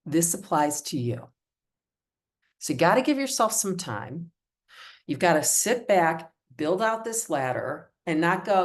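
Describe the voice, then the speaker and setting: A woman's voice: deep voice, sing-song, slow pace. A woman presenting a coaching workshop over a video call, upbeat, encouraging and conversational. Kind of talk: live online workshop talk.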